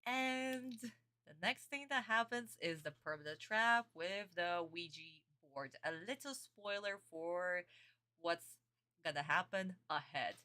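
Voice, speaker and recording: A woman's voice: on the low side, slow pace, pushed and bright. A young adult woman streamer chatting casually as she reacts to a cartoon episode, calling her viewers sweeties and honey and answering their comments. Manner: talks back to chat comments.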